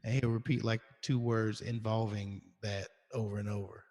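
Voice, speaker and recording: A man with a slightly husky voice talks casually on a podcast, telling stories in a loose, relaxed way. He uses lots of fillers and restarts. His voice trails off into a long reverberant echo. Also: on the low side, normal speed. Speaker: podcast co-host. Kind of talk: casual chat.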